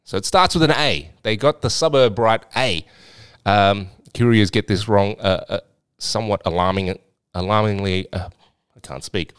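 A man's voice: on the low side, moderate pace, a bit bright, clear, resonant tone, no echo, clean studio sound. An Australian man hosting a podcast, telling a story in a rambling, blunt way with some swearing. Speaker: podcast host and swingers club owner. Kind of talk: casual storytelling chat.

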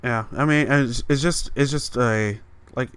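A man's voice: medium pitch, unhurried, a bit bright, clear, resonant tone, no echo. A man in casual chat who rambles and repeats words as he works toward his point.

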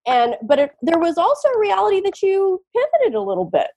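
A woman's voice: very high-pitched, huge pitch swings, a little fast, a little mellow. A woman hosting a podcast interview, encouraging her guest with guiding questions. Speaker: podcast host and coach. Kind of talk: casual interview.

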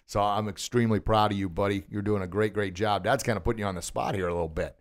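Talking fast with hardly any pauses, this fairly low-pitched man hosts a coaching podcast on a studio microphone in a recording studio. He's a martial arts instructor, upbeat and encouraging, who quizzes the listener and praises the replies.

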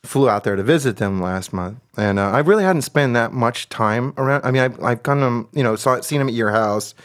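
A man's voice: mid-range voice, animated, fairly quick. A young adult man hosting a podcast, telling a story in casual chat and swearing freely. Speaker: podcast host.

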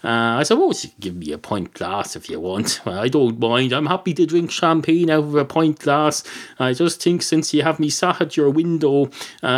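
An Irish man hosting a podcast, ranting in a sarcastic, rambling comic monologue and swearing now and then. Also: medium pitch. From Ireland. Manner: sarcastic, rambling, swears, puts on silly voices for quoted people. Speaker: podcast host.

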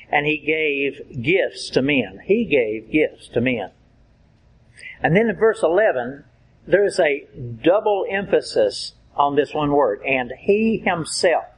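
A man delivering a sermon at a very unhurried pace, lingering over each phrase. His voice sits a little high and has a husky edge. He reads scripture and explains it with careful emphasis. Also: rough recording. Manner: slow, deliberate Bible preaching. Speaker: preacher.

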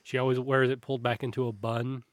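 A male game master narrating a tabletop game, describing scenes in a loose, rambling way and often restarting his sentences. His voice sits at an ordinary pitch and sounds dry and close. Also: flat delivery, fast talker, dry recording.

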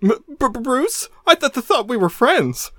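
A man voicing a whiny, panicky young male sidekick with a high, pleading squeal and a stammer. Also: wildly swooping pitch, a little fast, fairly bright tone, dry recording, exaggerated voice. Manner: stammering and wailing.

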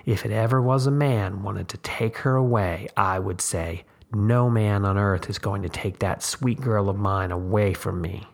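A scheming, toothless old countrywoman with a drawl, as a male narrator puts her on. She coaxes and wheedles in a folksy way, her voice gravelly and husky beneath a lifted pitch. It is a storybook reading. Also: fairly even intonation, measured pace, hardly any pauses. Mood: coaxing. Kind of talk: audiobook character voice.

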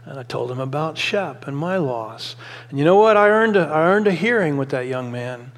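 Brief: middle-aged man, passionate pastor, high voice, sermon in a hall with a long echo. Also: lively intonation, moderate pace. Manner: passionate, rising to emphatic exhortation; conversational storytelling with many restarts.

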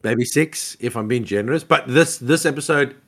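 A man's voice: medium pitch, normal speed. Rambling, opinionated man in casual chat. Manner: rambling, opinionated, many restarts and fillers, swears. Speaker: podcast guest.

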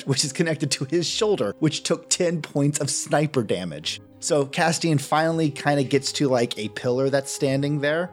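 Guy player telling what his character does, mid-pitched, slow storytelling. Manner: unhurried storytelling narration. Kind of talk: narrating his character in a tabletop game.

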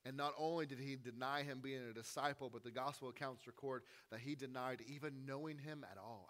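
A male pastor preaching an Easter sermon, retelling scripture with storyteller drama and casual, conversational asides that sink to a hushed tone. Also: mid-range voice, moderate pace.

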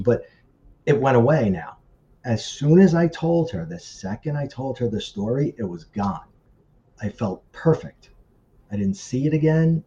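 A man casually telling a personal story as a guest, animated and acting out the voices of people he quotes. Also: highs cut off, slight background noise. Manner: animated, acts out quoted voices with pitch shifts.

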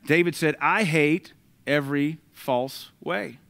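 A man, preaching a sermon and swinging between loud declarations and quiet asides. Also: fairly high pitch, takes it slowly, gravelly. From United States.

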